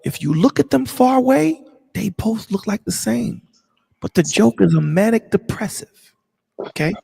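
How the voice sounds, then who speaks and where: A man's voice: high voice, animated, moderate pace, creaky, warm tone, slightly rough, big-room sound. A man in a casual discussion, talking emphatically and repeating his points like a preacher. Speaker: stream co-host.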